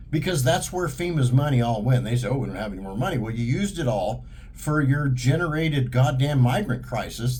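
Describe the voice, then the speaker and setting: A man's voice: fairly high pitch, a little mellow, slight background noise. A man delivering a heated, profane monologue in a blunt, ranting manner. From United States. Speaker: vlogger. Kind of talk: monologue to camera.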